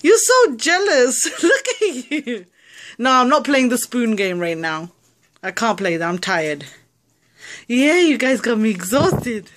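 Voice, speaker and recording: A woman's voice: a little high, very animated, slow pace, fairly bright tone. A woman talking baby talk to her pet parrots at home, cooing and repeating sing-song phrases with frequent laughter. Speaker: pet parrot owner filming her birds.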